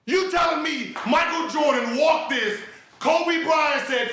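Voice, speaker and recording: A man rants in reaction commentary at a high, bright pitch, yelling with profanity and disbelief. His voice rings in a roomy, echoey studio. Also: slow. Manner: loud, profane, incredulous shouting. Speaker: podcast host.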